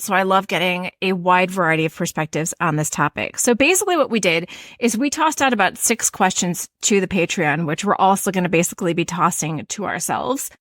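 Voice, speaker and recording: A woman's voice: mid-range voice, a bit bright, dry recording, studio quality. A middle-aged woman with a Midwestern accent, hosting a casual podcast chat and rambling with many fillers and restarts. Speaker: podcast host.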